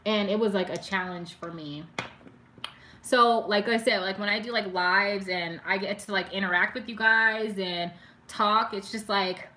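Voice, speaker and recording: Young woman vlogger chatting on a live stream, bright voice, says like a lot, gets emotional. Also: medium pitch, steady tone, a little slow, a little hiss or hum. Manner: chatty and emotional, heavy use of "like", reads viewer comments aloud. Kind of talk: casual chat with live viewers.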